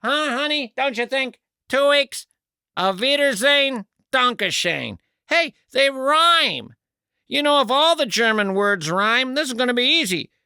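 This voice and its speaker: Man doing a smug clueless tourist guy, sing-songy, bright and gravelly. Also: very high voice, big pitch swings, a little slow, no room sound, clean studio sound, pitched above the performer's own voice, full character voice. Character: clueless middle-aged man cramming German on a plane.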